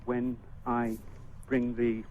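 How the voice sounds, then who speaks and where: A man calling in to a radio show, chatting casually and joking, quick to laugh. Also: mid-range voice, completely flat delivery, narrow, tinny audio, a little hiss or hum. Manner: chatty, jokey, laughs easily. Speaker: caller. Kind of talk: casual phone-in chat.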